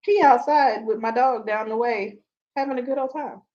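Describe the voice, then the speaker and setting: Blunt loud-reacting woman, dull lo-fi sound. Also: on the high side, normal speed. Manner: blunt, reacts loudly, swears freely. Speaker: podcast co-host. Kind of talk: casual chat.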